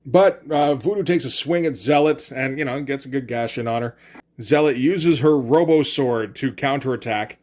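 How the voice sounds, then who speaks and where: A man's voice: mid-range voice, moderate pace, a little mellow. A man giving a loose, casual comic book review, acting out lines of dialogue and swearing freely.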